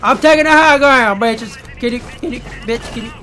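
A man's voice: very high voice, normal speed, bright, forceful tone. A man commentating his own gameplay casually, cursing and ranting as he gets frustrated, then talking straight to his viewers. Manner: talks to viewers directly. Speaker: gaming YouTuber.

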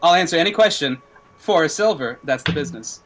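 A man's voice: a little high, lively intonation, brisk. A man voicing a sly woman informant in leathers who trades answers for coin and calls people "love.".

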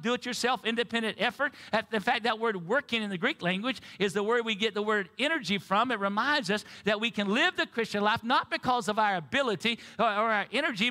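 Bright-voiced preacher in a reverberant church. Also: male voice, sits high. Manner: preaching, prompts the congregation to repeat phrases. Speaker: pastor. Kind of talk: sermon. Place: church sanctuary.

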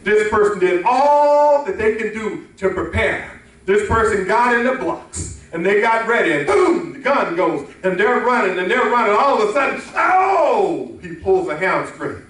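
A pastor with a very high voice delivers a sermon with call-and-response. He is recorded from a distance in a church sanctuary, and heavy reverb rings around every phrase. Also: animated, moderate pace, a bit bright. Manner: preaching with call-and-response to the congregation. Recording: echoey hall, mic from a distance.

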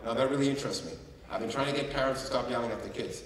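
A man giving a humorous storytelling talk as a youth care trainer, animated and jokey. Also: mid-range voice, very fast, a little hiss or hum. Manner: animated, jokey, breaks into singing. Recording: echoey hall, mic from far off.

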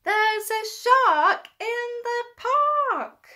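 A woman voicing an excited little boy who shouts a warning at the top of his voice in a picture-book story. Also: very slow, exaggerated voice. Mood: alarmed shouting. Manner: loud, high-pitched shouting.

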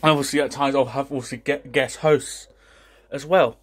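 A man, out of breath and excited, rambling through a casual vlog announcement as a YouTuber. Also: medium pitch, normal speed. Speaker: YouTuber and podcast host.

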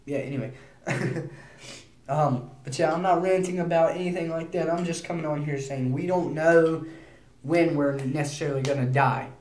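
A teenage boy vlogging in a casual, rambling way, nervous and prone to quick bursts of speech. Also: on the high side, steady tone, darkish tone, reverberant. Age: teens. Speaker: YouTuber.

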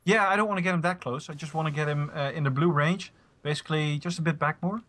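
A man playing along in a game session, chiming in now and then with short tactical advice. His voice is bright and a little forceful, pitched somewhat high. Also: fast. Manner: brief tactical suggestions. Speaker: co-player. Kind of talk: casual gameplay chat.

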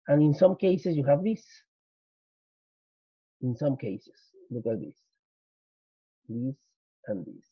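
In a dull, lo-fi recording, a man teaching English grammar from slides drills points over and over and slips into Spanish to clarify. His voice is on the high side and husky, and the sound is dry.

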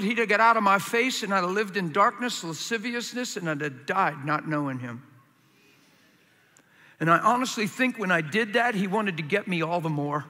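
A man preaching a sermon with passion, swinging from quiet, confiding lines to loud, urgent ones. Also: sits high. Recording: hall reverb.

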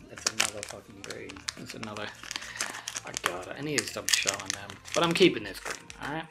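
A young woman hosting her channel, chatting casually and swearing often as she opens card packs for viewers. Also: lowish voice. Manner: excitable, swears a lot, chatty asides to viewers. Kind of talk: casual pack-opening commentary.

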